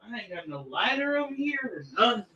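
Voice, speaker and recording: A man streaming casual commentary, relaxed and slangy, laughing often as he reacts to a clip. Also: extremely high pitch, a little fast, muffled recording. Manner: laid-back, laughing, slangy banter. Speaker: streamer reviewing a live stream.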